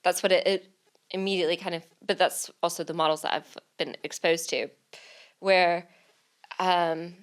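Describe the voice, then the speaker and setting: Woman, American accent, podcast co-host, eager, chatty, slightly low voice. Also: steady tone, clear, resonant tone. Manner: quick, eager, chatty with many affirmations. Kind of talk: casual podcast conversation.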